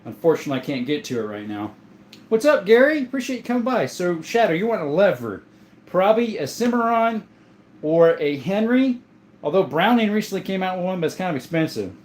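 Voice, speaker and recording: A man's voice: high-pitched, very animated, a little fast, darkish tone. A man casually hosting a livestream, chatting and greeting viewers by name as he reads the chat. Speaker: livestream host reading chat. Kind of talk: casual live-chat talk.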